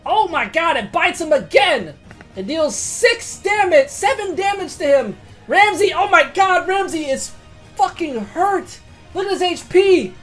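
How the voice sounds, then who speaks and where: An excitable woman game master narrating dice rolls and combat. Her voice is high and animated, jumping between muttered asides and sudden loud outbursts, with frequent swearing. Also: faint music behind. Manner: excitable, swearing, quick swings of loudness.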